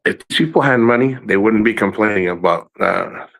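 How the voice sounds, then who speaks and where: A man's voice: fairly low pitch, brisk, creaky, fairly bright tone, low-quality recording. A middle-aged man rambling casually in a travel vlog, blunt and profane, laughing often. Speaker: travel vlogger.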